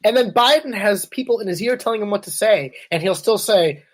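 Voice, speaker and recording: A man's voice: sits high, expressive, brisk. Man on a podcast, casual political chat, sarcastic and riffing, webcam mic. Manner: riffing, sarcastic, puts on quoted voices. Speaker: podcast co-host.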